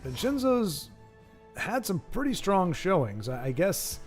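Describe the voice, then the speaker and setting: A man's voice: high voice, sing-song, measured pace, faint music behind. A man giving casual, self-deprecating live-stream commentary on a card game match. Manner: rambling, self-deprecating, joking. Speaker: streamer and caster.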